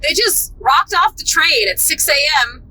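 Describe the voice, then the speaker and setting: High, lively woman telling stories in a car. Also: moderate pace, slight background noise, poor audio. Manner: laughing, storytelling, expressive. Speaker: podcast co-host. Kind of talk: casual chat. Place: inside a moving car.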